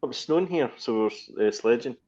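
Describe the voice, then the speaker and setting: A man's voice: mid-range voice, expressive, quick pace, a little mellow. Male co-host, easygoing quipper, mid voice, slightly muffled lo-fi mic. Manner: laid-back, short interjections and wisecracks. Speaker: podcast co-host. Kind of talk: casual chat. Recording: dull lo-fi mic.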